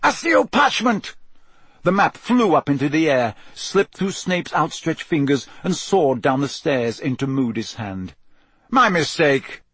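A man narrating an audiobook in a steady, measured storytelling voice. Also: medium pitch, breathy edge, no room sound. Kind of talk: scripted narration.

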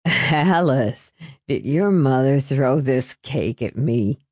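A woman's voice: very deep voice, lively intonation, takes it slowly, a little mellow, slightly rough, no room sound, clean studio sound, pitched below the performer's own voice, heavily acted. A woman voicing a drunk middle-aged father who slurs and lurches through his words. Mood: drunk, crooning. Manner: slurred, lurching, sloppy.

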